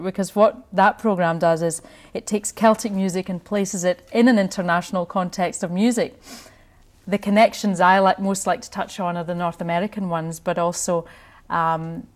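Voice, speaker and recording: A middle-aged Scottish woman, a radio host, chatting in an interview with frequent laughs and restarts. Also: fairly low pitch. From Scotland. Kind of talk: conversational interview.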